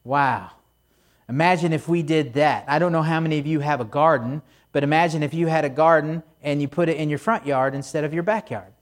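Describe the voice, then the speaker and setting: A man's voice: fairly high pitch, fairly quick. A middle-aged man, a pastor, delivering a conversational sermon in a casual, storytelling way with frequent asides.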